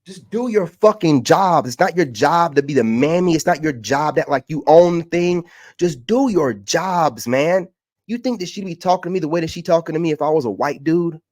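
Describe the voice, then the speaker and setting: A man's voice: fairly high pitch, fairly quick, a little mellow, no echo, clean studio sound. A man, a content creator venting in a heated, mocking rant. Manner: exasperated, ranting, mocking.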